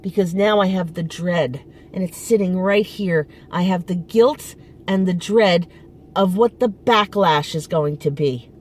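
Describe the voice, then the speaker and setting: A woman's voice: lowish voice, a little slow, darkish tone, slight background noise. A middle-aged woman vlogging outdoors in front of her apartment, venting with frustration and emphasis and often restarting her sentences. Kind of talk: casual personal venting.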